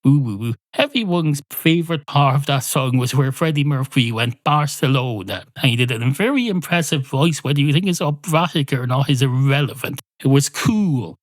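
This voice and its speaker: A man with an Irish accent delivering a rambling, mock-indignant comic monologue as a podcast host, swearing freely and jumping in pitch. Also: lively intonation, a little fast, hardly any pauses, no room sound. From Ireland.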